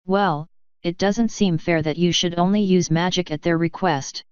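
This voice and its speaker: A woman's voice: on the low side, steady tone, normal speed, smooth, no echo, muffled recording, natural voice. A woman voicing a jealous, scheming young changeling princess in a fanfiction audiobook reading. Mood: sly.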